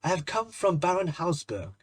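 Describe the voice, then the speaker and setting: A man voicing a polite old French gentleman with a slight French accent who speaks formally and courteously, in a storybook reading. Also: sits high, big pitch swings, moderate pace, slightly rough, no echo, pitched above the performer's own voice, exaggerated voice.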